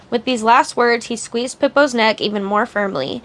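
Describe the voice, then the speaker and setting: Woman streamer, slightly high voice, steady read-aloud narration. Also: moderate pace. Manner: steady storytelling narration, blunt asides. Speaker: streamer reading a novel aloud. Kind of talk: audiobook-style reading on a live stream.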